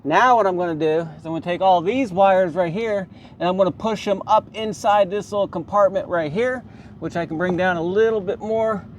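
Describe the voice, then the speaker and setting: A man with a slightly higher voice, chatting his way through a how-to vlog from inside his car. He rambles along easily, dropping plenty of "um"s and pointing things out "right here" as he goes. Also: brisk, slight background noise. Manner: rambling, relaxed, lots of ums and "right here". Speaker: car vlogger.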